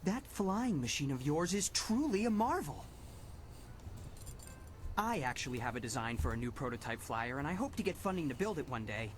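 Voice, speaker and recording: An actor playing an earnest, friendly young inventor in a video game. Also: male voice, on the high side, very animated, moderate pace, a little hiss or hum. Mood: eager. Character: eager young male inventor, hopeful and overlooked.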